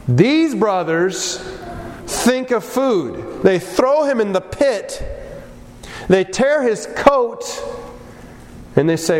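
A man preaching a sermon in an animated way, acting out characters from the story as he goes. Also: high voice, takes it slowly, slight background noise. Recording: echoey hall with long reverb.

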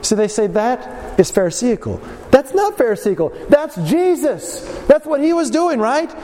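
A man preaching a sermon in a church hall, animated and firing rhetorical questions at his congregation. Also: very high voice, moderate pace.

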